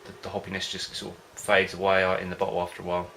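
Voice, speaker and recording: A man's low, steady voice holds a narrow range with a bright, forward tone, turning creaky as he talks rapid-fire. Chatting casually to camera about home brewing, he rambles, hesitates and loses his thread over a little hiss or hum.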